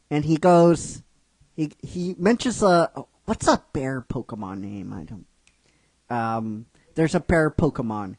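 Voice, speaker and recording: Slow, halting male storyteller. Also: a little high, expressive, a little mellow, dry recording. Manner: halting, with many restarts and fillers. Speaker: narrator of a fan script. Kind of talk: casual storytime narration.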